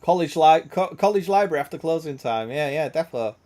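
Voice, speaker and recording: A man's voice: on the high side, lively intonation, a little fast, a little mellow. A young man streaming a game, chatting crudely with lots of swearing and laughter. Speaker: gaming streamer. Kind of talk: casual gameplay chat.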